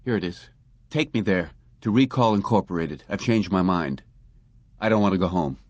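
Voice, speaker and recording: Male narrator as a sour, sardonic clerk man, lowish voice, dry close sound; audiobook. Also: expressive, moderate pace, no echo, muffled recording. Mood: resentful. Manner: resentful, sardonic. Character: bitter, frustrated male office clerk.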